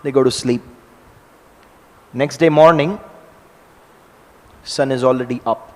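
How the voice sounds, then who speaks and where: A man telling a devotional story to an audience in a lively, conversational way. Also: medium pitch, unhurried, long pauses. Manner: animated, conversational, acting out scenes. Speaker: storyteller at a religious discourse. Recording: long hall reverb.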